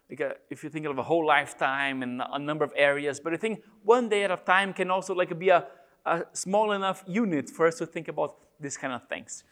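A man preaching a reflective devotional talk on prayer, speaking in a halting way with many pauses and restarts. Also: a little high, a bit bright.

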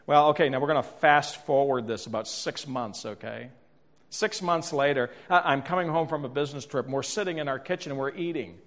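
A man's voice: a little high, brisk, fairly bright tone. A middle-aged man presenting a workshop, telling stories in a self-deprecating way, with frequent restarts. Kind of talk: storytelling conference talk. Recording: reverberant lecture hall.

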